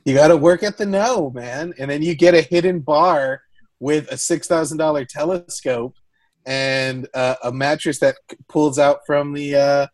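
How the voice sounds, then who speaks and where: A woman's voice: low voice, normal speed, no room sound. A woman co-hosts a casual movie chat, laughing often and teasing her friends as she goes. Her voice sits close and dry, with no room around it. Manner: laughing, animated, playfully teasing. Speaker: podcast co-host.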